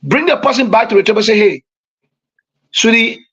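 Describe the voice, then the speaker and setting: Racing along in a high, expressive voice with a breathy edge and some brightness, a pastor phones into a radio show. He lays out his advice like a preacher. The phone line sounds dull and lo-fi.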